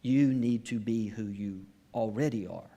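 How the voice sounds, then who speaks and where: A man's voice: on the low side, a little slow, mellow, dull audio. A man preaching a sermon as pastor at a church service, earnest and emphatic, repeating his key phrases.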